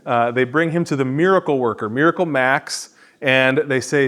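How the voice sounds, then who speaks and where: A man's voice: mid-range voice, moderate pace, fairly bright tone. Conversational man teaching a church class. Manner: conversational, self-deprecating. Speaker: pastor. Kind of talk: teaching an adult education class.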